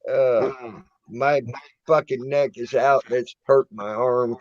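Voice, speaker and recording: A man in casual chat on a live stream, bantering slowly. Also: mid-range voice, steady tone, darkish tone, dry recording, highs cut off. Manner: slow, laughing banter.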